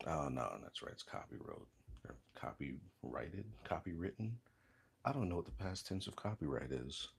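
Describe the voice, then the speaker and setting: Man, extremely low voice, husky, slow rambling workshop chat. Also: very animated. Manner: joking, rambling, self-deprecating. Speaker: leatherworker.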